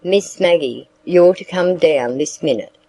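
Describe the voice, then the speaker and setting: A reader voicing a bustling household maidservant who scolds and orders a child about, slow and measured. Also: medium pitch, warm tone, low-quality recording. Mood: scolding. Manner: scolding, commanding. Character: bustling female household servant, bossy and hurried.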